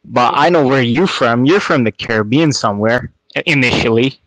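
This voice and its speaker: A man's voice: medium pitch, moderate pace, a bit bright, no echo, low-quality recording. A man from Canada calling in to a live chat, laid-back and teasing. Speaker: caller.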